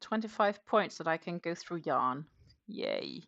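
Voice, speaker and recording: Lady with a low voice just chatting away on her crochet stream, kinda rambly. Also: animated, moderate pace, a bit bright, highs cut off. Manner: chatty and rambling, thinks aloud while crocheting. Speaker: crochet livestream host. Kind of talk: casual livestream chat.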